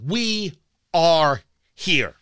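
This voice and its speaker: A man's voice: a little high, big pitch swings, drawn-out words, fairly bright tone, slight background noise. A man hosting a talk radio show, delivering an emphatic, combative monologue into a studio microphone.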